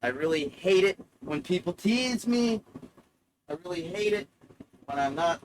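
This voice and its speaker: A man talks on a live stream in a loose, rambling way, dry and self-mocking, with curses dropped in casually. His voice sits a little higher than most men's. A faint hiss of noise runs under the talk. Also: lively intonation, unhurried, low-quality recording. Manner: sardonic, self-mocking, swears freely.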